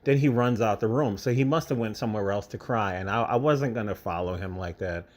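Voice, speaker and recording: A man from New York State talking straight to camera in a casual monologue, emotional and halting, holding back tears and repeating his words. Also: lowish voice. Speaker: vlogger.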